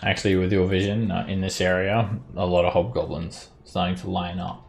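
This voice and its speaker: A man's voice: low-pitched, level tone, brisk, gravelly. A man running an online tabletop game as game master, explaining rules plainly with hesitant fillers.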